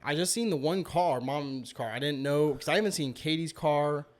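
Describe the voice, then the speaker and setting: A man in relaxed podcast conversation, telling a story with lots of energy. His voice sits a touch high and swings from quiet to animated as he acts out what people said, laughing along the way. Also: normal speed. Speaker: guest. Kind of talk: casual storytelling chat.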